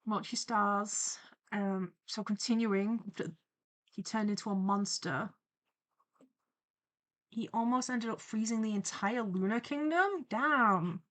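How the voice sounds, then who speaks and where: A woman streamer chatting on a live stream while animating, reading viewer comments aloud and reacting to them with excitement. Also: medium pitch, takes it slowly, long pauses.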